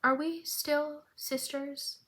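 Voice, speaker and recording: A woman voicing an unhinged young woman, eerie, quiet and wistful. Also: sits high, fairly even intonation, takes it slowly, pitched above the performer's own voice.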